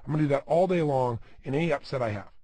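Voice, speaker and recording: A man's voice: medium pitch, rapid-fire, warm tone, slightly rough, no echo. A middle-aged man giving an emphatic self-help audio talk as a motivational speaker, firing rhetorical questions at the listener.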